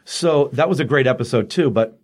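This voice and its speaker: A middle-aged man hosting a casual chat, excitedly retelling a comic book story in a rambling way with many fillers. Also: mid-range voice, a little fast.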